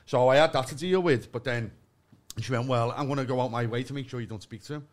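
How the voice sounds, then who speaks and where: A man's voice: mid-range voice, fast talker. A man, a podcast guest telling a story in blunt, sweary casual chat and acting out both sides of phone arguments.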